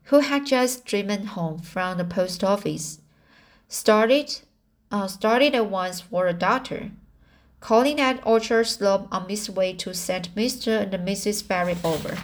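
A woman reading a classic novel aloud chapter by chapter, often pausing on fillers and restarting words. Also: mid-range voice. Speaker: audiobook reader.

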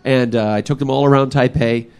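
A man's voice: mid-range voice, a little fast, clean tone. A man in his thirties telling a funny personal story live, laughing often and acting out his family. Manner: animated, laughing, acts out family members.

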